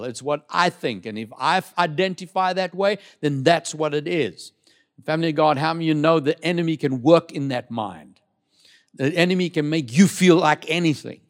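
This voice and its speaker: Male pastor, middle-aged, lively sermon delivery with call-and-response, animated and slightly high-pitched. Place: church.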